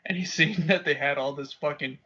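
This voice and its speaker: Bright-voiced profane guy. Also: a little fast, breathy edge. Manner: profane storyteller, loud high-pitched impressions of his dad. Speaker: podcast co-host. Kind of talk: casual chat. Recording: dull lo-fi podcast audio.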